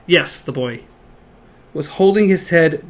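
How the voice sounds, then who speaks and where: A slightly high-voiced man co-hosts a casual book discussion podcast. He reads passages aloud haltingly, stumbling now and then and dropping in side comments.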